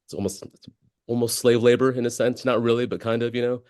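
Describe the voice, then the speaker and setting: A man's voice: mid-range voice, steady tone, fast talker, darkish tone, clear, resonant tone, no room sound, clean studio sound. A man, a comedian telling stories in a casual interview, full of likes and restarts. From United States. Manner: rambling storyteller, many likes and restarts. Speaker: comedian guest.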